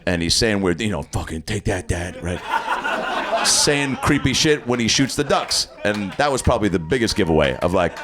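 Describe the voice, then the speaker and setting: A man's voice: low voice, fairly bright tone. A man doing improvised stand-up on a comedy club stage, loose and laughing, often slipping into exaggerated voices. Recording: live club with crowd noise. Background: audience laughter.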